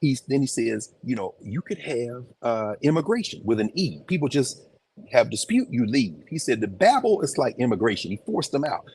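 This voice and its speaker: A man giving an informal, animated lecture on location in a museum, talking conversationally with emphatic asides. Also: mid-range voice, moderate pace, slight background noise. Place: museum, indoors.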